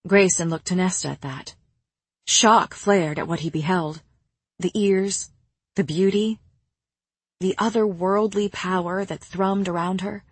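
A woman narrating an audiobook in a measured, even storytelling manner. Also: on the low side, slightly rough, no room sound.

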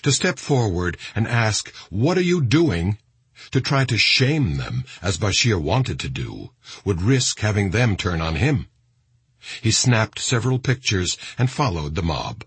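A man narrating an audiobook in a grave, expressive reading. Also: lowish voice, a little slow, slightly rough, no echo.

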